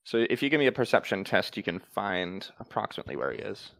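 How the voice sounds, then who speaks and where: A man running a tabletop game as game master, explaining rules and narrating in a calm, matter-of-fact way. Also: lowish voice, fast talker, vocal fry, dry recording.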